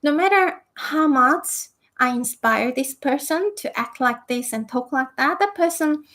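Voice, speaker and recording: A woman's voice: sits high, animated, unhurried, pushed and bright, pitched above the performer's own voice, heavily acted, low-quality recording. A woman voicing a weary, fed-up inner spirit self that rambles on in exasperation.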